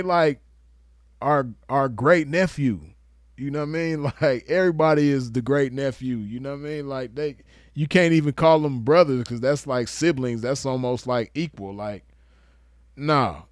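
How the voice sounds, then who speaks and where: A young man from the West Coast talks in a laid-back, slangy way, chuckling as he makes his case. His voice sits at a middle pitch, and the recording is dry and close with no room sound. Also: normal speed, dry recording. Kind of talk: casual commentary.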